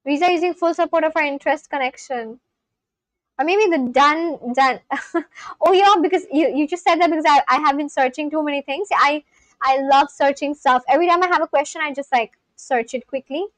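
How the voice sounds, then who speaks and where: A woman's voice: high-pitched, a little fast, no room sound, low-quality recording. A woman hosting a casual live stream, chatting with viewers, reading out their messages and laughing often. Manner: chatty, reads out and answers chat, laughs often.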